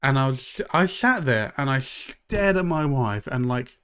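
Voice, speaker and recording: A man telling a rambling story during a live game stream, full of fillers, restarts and excitable asides. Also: mid-range voice, measured pace, smooth. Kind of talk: casual live-stream chat.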